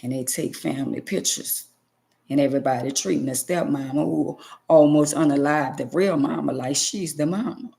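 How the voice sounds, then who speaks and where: Gravelly middle-aged woman testifying emphatically. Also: sits low, moderate pace, mellow. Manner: emphatic, preachy, repeats phrases for stress. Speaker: vlogger. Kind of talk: emotional personal testimony to viewers.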